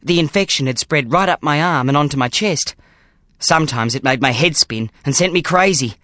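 An audiobook reader narrating a children's story in the first person with dramatic, expressive delivery. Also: medium pitch, moderate pace, no echo, studio quality. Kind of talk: scripted narration.

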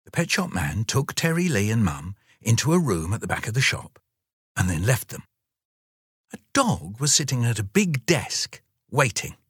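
A man reading a children's story aloud with lively storytelling. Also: medium pitch, normal speed, husky, dry recording, studio quality.

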